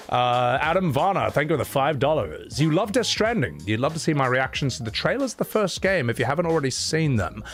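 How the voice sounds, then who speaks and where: Profane, opinionated male streamer. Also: medium pitch. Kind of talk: livestream chat reading donations.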